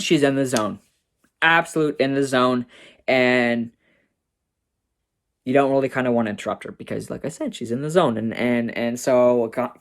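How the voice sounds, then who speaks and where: A young adult telling a personal story to camera in a casual, chatty way, peppering talk with "like" and "right?". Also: medium pitch. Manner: chatty, full of "like" and "right?", acts out quoted family voices.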